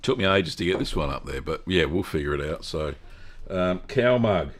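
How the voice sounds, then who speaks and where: With a deep, expressive voice at a moderate pace, this middle-aged Australian runs a live stream answering cheese-making questions. He keeps it casual, says hello to viewers by name and mulls things over aloud, filling gaps with lots of ums.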